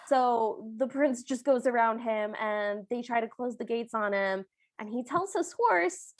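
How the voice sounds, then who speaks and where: High-voiced woman, chatty recap. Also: unhurried. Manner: bubbly, chatty retelling with voiced quotes. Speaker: podcast co-host. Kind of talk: casual movie recap chat.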